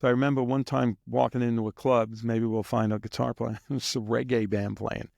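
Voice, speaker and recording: Chuckling man telling old stories, gravelly voice. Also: mid-range voice, little pitch movement, fairly quick, darkish tone, dry recording, dull audio. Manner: rambling, chuckling raconteur who mimics drum beats. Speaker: guest drummer. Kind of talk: casual anecdotal storytelling.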